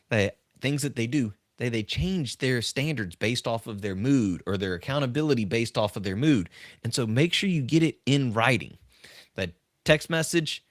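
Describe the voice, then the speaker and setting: A middle-aged man talks leadership on a live-stream podcast, in a voice of ordinary pitch. He tells stories earnestly, hammering his main points through repetition. The recording is dry and close, with no room sound. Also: no echo. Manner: earnest, emphatic, repeats key phrases. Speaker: leadership coach and podcast host. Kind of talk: live-stream talk with storytelling.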